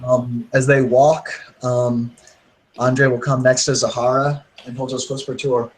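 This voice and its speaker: A man playing a tabletop role-playing game, describing his character's actions in a relaxed, joking manner. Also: medium pitch, low-quality recording. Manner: relaxed, quick to laugh. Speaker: player. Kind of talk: casual tabletop game play.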